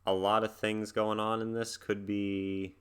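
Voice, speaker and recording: A man's voice: on the low side, flat delivery, a little slow, clear, resonant tone. A man hosting a music reaction video, thinking aloud in a rambling, casual way with many fillers. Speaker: music reaction channel host.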